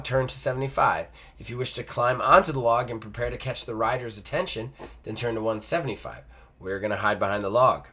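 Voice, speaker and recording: Bright-voiced man reading a gamebook aloud. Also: medium pitch. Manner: reads text then jokes in casual asides. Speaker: host. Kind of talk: solo gamebook play-through, reading aloud.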